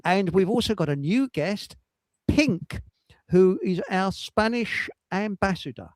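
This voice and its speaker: A man's voice: high-pitched, lively intonation, measured pace, no echo, poor audio. A man hosting a livestream chat show, rambling and cheeky, swearing and laughing at his own jokes. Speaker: livestream host. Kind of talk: casual chat.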